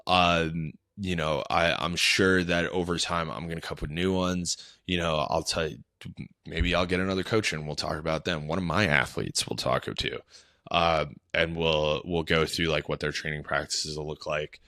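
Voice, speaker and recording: Young guy coach rambling on his podcast, deep voice, dry close sound. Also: fairly bright tone, no room sound. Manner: rambling, loose and unscripted, with many fillers and restarts. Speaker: fitness coach and podcast host. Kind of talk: casual solo podcast talk.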